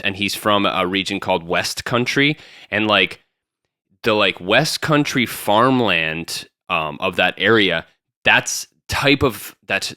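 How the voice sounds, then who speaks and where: A young man co-hosting a casual podcast, talking in an animated, jokey way with lots of restarts. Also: on the low side, clean tone, dry recording, studio quality. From Tampa, Florida. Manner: animated, jokey, jumps in often, many restarts. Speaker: podcast co-host. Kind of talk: casual chat.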